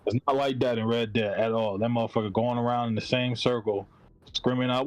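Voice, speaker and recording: A man in a casual gaming chat, animated and slangy, swearing freely. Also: mid-range voice, a little fast, faint music behind, low-quality recording. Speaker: guest.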